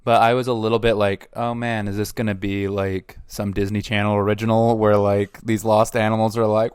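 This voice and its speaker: A man reviewing comics in a casual chat, thoughtful and animated, with many fillers. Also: lowish voice, a little fast, hardly any pauses, clean tone, no echo, clean studio sound.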